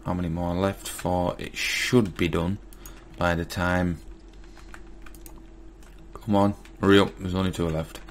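Male gamer, casual commentary, deep fry-heavy voice, talks to himself while playing. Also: flat delivery, measured pace, long pauses, slight background noise. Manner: muttering to himself, mildly exasperated. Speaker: gaming YouTuber. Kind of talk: casual Let's Play commentary.

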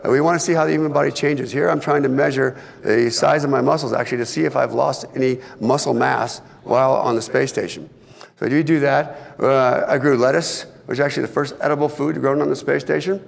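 Gravelly-voiced man presenting in a hall. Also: medium pitch, brisk. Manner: relaxed, conversational storytelling with light humor. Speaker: astronaut guest speaker. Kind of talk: public presentation. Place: large event hall. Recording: long hall reverb.

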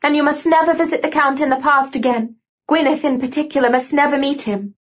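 A woman's voice: unhurried, a bit bright, highs cut off. A woman reading an audiobook voices an earnest young woman pleading urgently. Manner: urgent, pleading, raised pitch. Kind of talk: audiobook dialogue.

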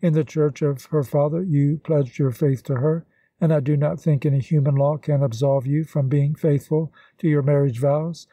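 A man reading the lines of an earnest young woman in an audiobook, speaking solemnly and in measured phrases. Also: a little high, steady tone, dark tone, no echo, close to an everyday voice. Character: earnest young woman renouncing her love.

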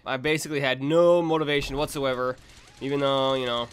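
A man's voice: mid-range voice, steady tone, brisk, slight background noise. A young man in his twenties telling a rambling, profane story for his vlog, full of restarts and laughs. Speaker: vlogger.

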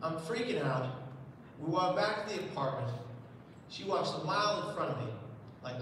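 A man's voice: fairly high pitch, animated, normal speed, a bit bright, slight background noise. A man in his thirties giving a live keynote, telling a comic story and acting out the voices he quotes. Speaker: public speaker. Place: large hall. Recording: distant echoey hall recording.

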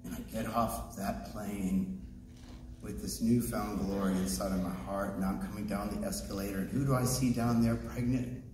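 A man's voice: lowish voice, normal speed, background noise. Man telling a story on a theater stage. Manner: earnest, swings from hushed to loud excited outbursts. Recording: echoey theater recording from far off, music underneath.

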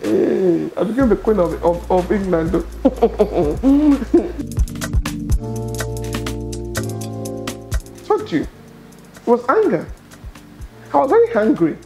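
A middle-aged Nigerian woman telling her story as an interview guest, expressive and quick to laugh. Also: medium pitch, creaky, faint music behind. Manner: expressive, laughs often, acts out quoted dialogue. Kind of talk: animated personal storytelling.

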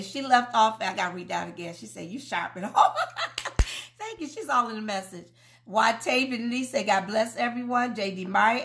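A woman's voice: a little high, noisy background. A woman pastor preaching on a livestream, calling out praise, laughing often and reading viewers' comments aloud. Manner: exclaims, laughs often, drawn-out calls of praise.

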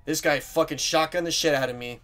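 A young man talks through a shooter match on his stream in a loose, rambling way. He swears freely and pads his sentences with "like". His voice sits a little higher than most men's. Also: fairly quick, a bit bright, soft background music. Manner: swears a lot, rambling with many "like"s. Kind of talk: casual gaming chat.

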